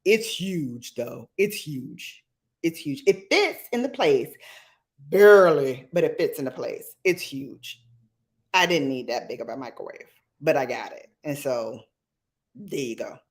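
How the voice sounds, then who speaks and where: A middle-aged woman, hosting a casual livestream chat in a sassy, animated way that jumps to squeals. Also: a bass voice, a little slow. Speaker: livestream host.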